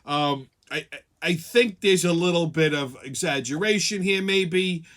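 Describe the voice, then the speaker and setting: A man hosts a weekly show, launching into a sarcastic, profane comedic rant. His voice is fairly high and fairly bright, and he takes his time.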